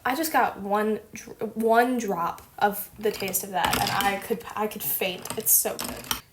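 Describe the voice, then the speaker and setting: A woman's voice: mid-range voice, unhurried, background noise. A young woman vlogging a casual how-to at home, chatty, playful and gushing as she talks.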